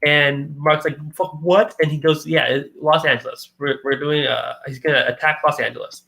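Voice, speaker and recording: A man co-hosting a comic book podcast, walking through the story in a laid-back way. His voice is gravelly and bright. He quotes the characters' lines as he goes. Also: a little high, flat delivery, normal speed, poor audio. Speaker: podcast co-host. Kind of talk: casual comic book recap.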